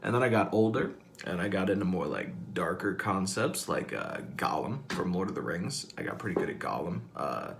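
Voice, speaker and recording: A man's voice: low-pitched, big pitch swings, moderate pace, vocal fry, background noise. A man vlogging casually, rambling with lots of fillers and amused at himself. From Southern US. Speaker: comedic vlogger. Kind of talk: casual talk to camera.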